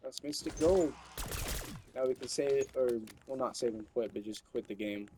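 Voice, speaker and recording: A young man hosting his gaming channel, giving chatty, excitable commentary with playful asides. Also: medium pitch, moderate pace, slight background noise, low-quality recording. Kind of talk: casual gameplay commentary.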